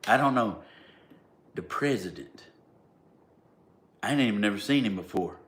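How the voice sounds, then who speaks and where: A man's voice: on the low side, animated, moderate pace, a bit bright. A man with a Southern US accent telling a story in a blunt, plainspoken, indignant way. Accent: Southern US (Georgia). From Southern United States. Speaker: vlogger. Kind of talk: casual storytelling.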